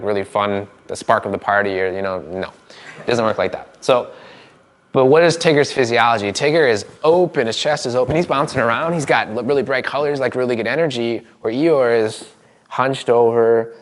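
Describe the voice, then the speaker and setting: A man teaching a live seminar, animated and demonstrative, acting out examples for the audience. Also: mid-range voice. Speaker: seminar trainer.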